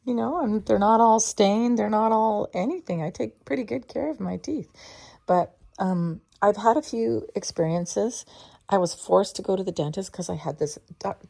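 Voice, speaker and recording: A woman casually telling a meandering personal story to her cat, chatty and full of restarts, sometimes dropping to hushed asides. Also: mid-range voice, normal speed, vocal fry. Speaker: vlogger talking to her cat.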